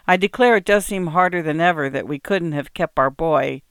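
A woman's voice: low-pitched, clean tone, no echo, studio quality. A woman doing a fretful old-time farm wife. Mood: grieving. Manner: old rural dialect speech, brisk and fretful. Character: careworn farm wife, quick-spoken and worrying.

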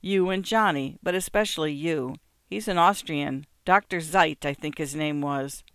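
A man's voice: on the high side, measured pace, a bit bright, clean tone, no echo, studio quality. A man doing a jovial older husband. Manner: jovial, reassuring. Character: hearty older husband, cheerful and soothing.

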